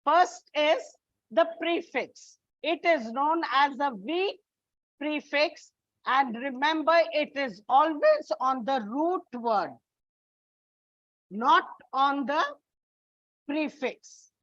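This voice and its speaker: Female English teacher, high voice, slow and deliberate delivery, dull lo-fi recording. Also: lively intonation, fairly bright tone, no room sound. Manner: slow, deliberate, addresses students as children. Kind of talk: classroom lesson.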